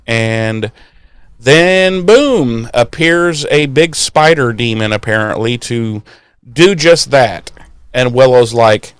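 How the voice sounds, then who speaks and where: A man's voice: medium pitch, takes it slowly, clear, resonant tone, no room sound. A man co-hosting a podcast, recapping an episode in casual, profane chat and acting out the characters' lines. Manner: animated storytelling, swears freely, acts out lines. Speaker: podcast co-host.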